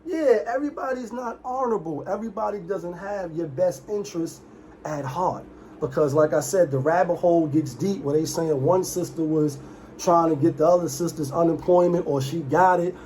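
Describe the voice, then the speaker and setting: A young man with a slightly higher voice rambles through a casual commentary vlog. He jumps between asides and quick impressions in a loose, animated way. A faint hiss of room noise sits under his voice. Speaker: commentary channel host.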